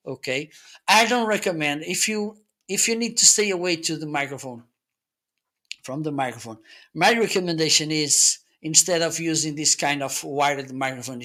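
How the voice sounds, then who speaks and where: A man's voice: on the high side, pushed and bright. A man hosting a live stream, giving a casual product demo of desk microphones and often checking in with "okay?". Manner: chatty, keeps checking in with "okay?". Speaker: live-stream host reviewing gear. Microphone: desk USB microphones being tested.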